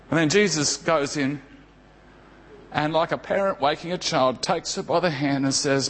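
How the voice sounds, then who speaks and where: A man's voice: on the high side, big pitch swings, moderate pace, a bit bright. A man preaching a sermon who tells a story and often asks his listeners rhetorical questions. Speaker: pastor.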